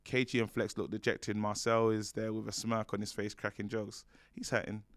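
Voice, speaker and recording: A man's voice: on the low side, level tone, moderate pace, dry recording, studio quality. A man co-hosting a football fan show, reading viewer comments in a jokey, stumbling way with many fillers. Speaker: fan channel co-host.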